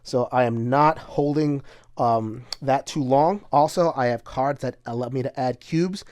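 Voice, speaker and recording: A man's voice: mid-range voice, a little slow, a little mellow, no room sound. Chatty man explaining a board game. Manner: chatty, many "uh" fillers, bursts of laughter. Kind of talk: casual solo playthrough commentary.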